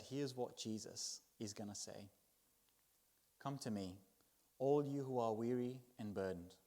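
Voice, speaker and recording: A man preaching a Sunday sermon in church, expressive, swinging from loud emphasis to hushed words. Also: medium pitch.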